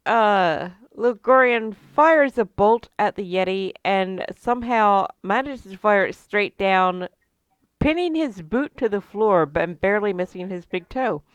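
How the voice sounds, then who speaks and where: A woman narrating a tabletop game as game master, in a lively, joking manner with frequent fillers. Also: medium pitch, a little slow, clean tone, no echo.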